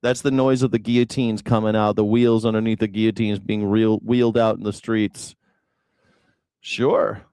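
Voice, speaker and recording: A man's voice: fairly low pitch, level tone, normal speed, darkish tone, clean tone, no room sound, clean studio sound. A man hosting a news reaction show, ranting sarcastically with profanity.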